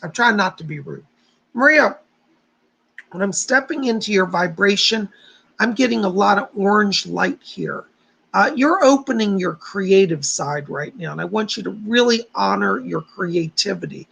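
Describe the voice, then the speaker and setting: A man runs a relaxed psychic livestream, warmly calling out viewers by name, guiding a meditation, and offering quick readings. His gravelly, husky voice is high-pitched and sharp, his intonation lively, and the audio poor.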